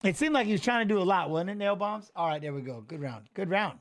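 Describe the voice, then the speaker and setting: A man's voice: high-pitched, expressive, fast talker. A man hosting a fight watch-along, mixing blunt, profane life stories with casual live commentary.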